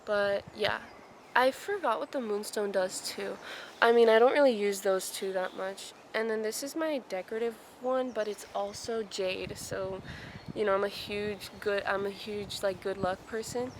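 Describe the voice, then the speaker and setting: A young woman chats into the camera in a soft, reflective, rambling way, often trailing off and correcting herself. She records outdoors in a forest. Clear forest ambience sits audibly behind her voice. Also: mid-range voice, normal speed, a little hiss or hum, low-quality recording. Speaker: vlogger. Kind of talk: casual vlog chat.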